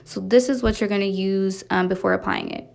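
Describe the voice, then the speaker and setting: Chatty young woman with a gravelly edge. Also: mid-range voice, fairly even intonation, a little fast. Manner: chatty, rambling with many fillers and restarts. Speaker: hair vlogger. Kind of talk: casual tutorial chat. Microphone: phone camera. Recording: roomy, slightly distant phone recording with faint background hum.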